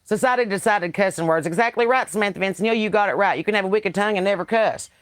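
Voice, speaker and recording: A woman's voice: mid-range voice, quick pace, no echo. Blunt Southern woman host, dry sound. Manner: blunt, profane, folksy preaching with laughs. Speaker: podcast host. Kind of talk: casual livestream chat reading viewer comments. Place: on a porch. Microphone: computer mic.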